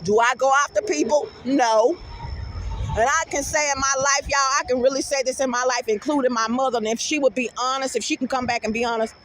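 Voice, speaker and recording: Brash woman vlogger, AAVE, high-pitched, profane, animated rant delivery. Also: fairly quick, a little hiss or hum. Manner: brash, profane, animated, swings into loud outbursts. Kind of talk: casual rant to camera.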